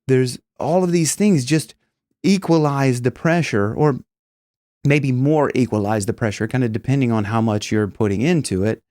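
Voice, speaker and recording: A male vocal coach explains in a loose, rambling monologue, often restarting his sentences. His voice sits at a middle pitch. The sound is dry and close. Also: mellow, no echo. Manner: rambling with many restarts and demonstrations. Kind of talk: casual teaching monologue.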